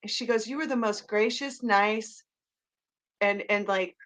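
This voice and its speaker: Bright earnest woman chatting. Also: mid-range voice, measured pace. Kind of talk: casual chat.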